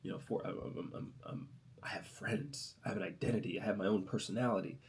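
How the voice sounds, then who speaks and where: A man hosts a motivational podcast, delivering inspiration in a sermon-like style that moves from loud, rising preaching to soft, hushed storytelling. His voice is fairly low and fast, with fairly even intonation.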